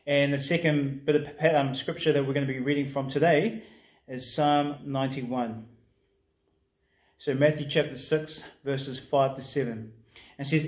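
A man's voice: mid-range voice, steady tone, unhurried. Man preaching in an echoey room. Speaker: pastor. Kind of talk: sermon.

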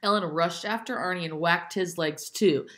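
A woman's voice: on the low side, moderate pace, a bit bright. A woman reading a children's chapter book aloud expressively, with slips and self-corrections and brief asides to listeners. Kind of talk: read-aloud narration with asides.

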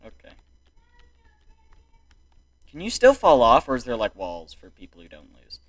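A young man giving excitable, exclamatory commentary while playing a video game. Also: mid-range voice, measured pace, long pauses. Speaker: gaming YouTuber. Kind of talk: gameplay commentary.

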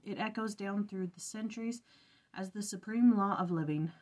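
A woman's voice: medium pitch, moderate pace, a little mellow. A woman hosting an early-morning scripture study, chatting casually and thinking aloud as she reflects.

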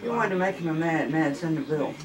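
Higher-voiced man at a lunch table. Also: expressive, fairly quick, reverberant. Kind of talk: casual table conversation. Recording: distant mic at a noisy table.

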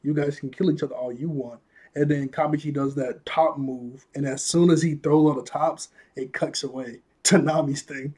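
A man casually recapping an anime episode, animated, laughing often, and acting out quotes in a raised voice, a bit out of breath. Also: fairly high pitch, fairly quick, husky. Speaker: anime reviewer.

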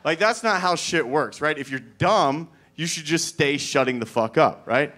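A man's voice: on the high side, animated, normal speed, fairly bright tone. A man doing a stand-up comedy set, talking in a rambling, conversational way that is wry and profane. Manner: rambling, conversational, filler-heavy.

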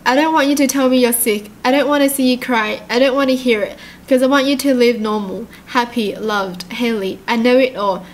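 A woman reading out a devoted young boyfriend's text messages in a tender, pleading way, close to her own high voice. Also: fairly even intonation, fairly quick, a little hiss or hum, close to an everyday voice.

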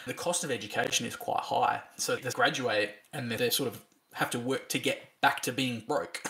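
Gravelly Australian male podcast host. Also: medium pitch, sharp tone. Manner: matey, enthusiastic, uses Aussie slang. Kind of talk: podcast interview.

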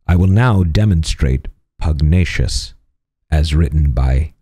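A man's voice: rumbling low, takes it slowly, dark tone, breathy edge, no echo, studio quality. A man hosting a word-of-the-day show in a wry, mock-formal comic delivery. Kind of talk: comic scripted presentation.

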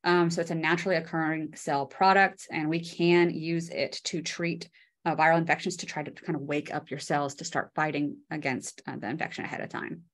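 A woman's voice: low-pitched, fairly even intonation, brisk. A woman giving a casual, chatty microbiology lecture, with many fillers and homely analogies.

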